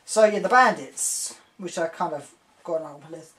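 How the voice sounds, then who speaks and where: A woman giving a casual spoken review, excitable and rambling, often giggling as she talks. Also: lowish voice, normal speed. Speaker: video reviewer.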